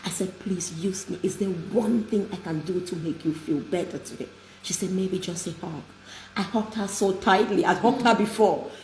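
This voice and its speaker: A woman's voice: on the low side, normal speed. A woman hosting an inspirational talk, telling stories in an emphatic, heartfelt way. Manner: warm, emphatic storytelling. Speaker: host. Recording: echoey room with light noise.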